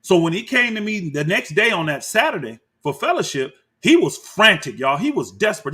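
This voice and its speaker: A man's voice: on the high side, fairly quick, breathy edge. A man giving heated, combative commentary, calling out people by name and talking straight to his viewers. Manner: animated and combative, addresses viewers as y'all. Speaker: commentator reacting to clips.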